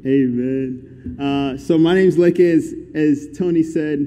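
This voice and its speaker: A man's voice: a little high, steady tone, unhurried, mellow. A young man giving a guest sermon in a conversational, upbeat and encouraging way. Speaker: guest preacher. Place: church hall. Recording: echoey church hall.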